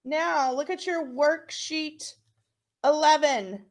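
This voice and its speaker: Speaking in a high-pitched voice, a female teacher gives young children a recorded phonics lesson. She praises them and takes words apart slowly, sound by sound.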